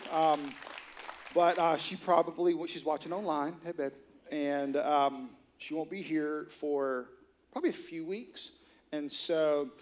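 A man's voice: fairly high pitch, darkish tone. A middle-aged man preaching as a pastor, telling a story and joking with the congregation. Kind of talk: sermon with storytelling. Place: church auditorium.

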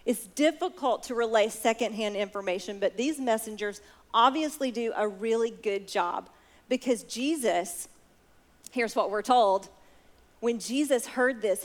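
Female preacher, sermon delivery, slightly high voice, storytelling with questions to the congregation. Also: a little slow, fairly bright tone. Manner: storytelling, asks the listeners direct questions.

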